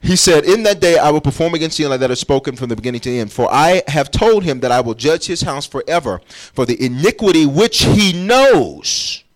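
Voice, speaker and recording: Pastor guy preaching a sermon, keeps urging the crowd on, voice sits a bit high. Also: expressive, fast, few pauses. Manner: emphatic preaching, urging the congregation with "watch this". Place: church.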